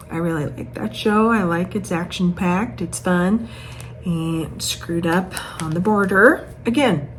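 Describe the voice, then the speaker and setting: A woman's voice: medium pitch, poor audio. A woman in a casual home vlog, chatting in a rambling, self-mocking way about her stitching projects. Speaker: cross-stitch vlogger. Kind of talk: casual chat. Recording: faint background noise.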